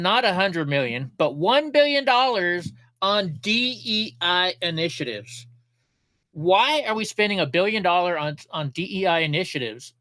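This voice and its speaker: In a fairly high, pushed and bright voice, a man hosts a casual political news livestream, sarcastically commenting, laughing at clips and chatting with viewers. There's no room sound on the recording.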